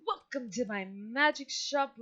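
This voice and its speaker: A woman's voice: on the high side, unhurried, bright, forceful tone, voice pushed up. A woman voicing a genial older male wizard shopkeeper with courtly, showy manners, on a dull lo-fi mic. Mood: gracious.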